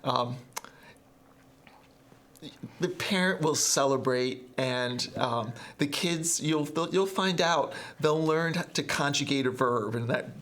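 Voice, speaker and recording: A man's voice: a little high, slow pace, fairly bright tone. A middle-aged man, a guest author, talking enthusiastically in a podcast interview and acting out example phrases. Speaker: guest, language textbook author.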